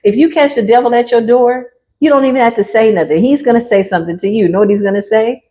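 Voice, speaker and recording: A woman's voice: a little high, fast talker, warm tone, slight background noise. A woman giving a casual, playful tarot reading straight to her viewers, laughing often and talking in slang. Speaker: tarot reader.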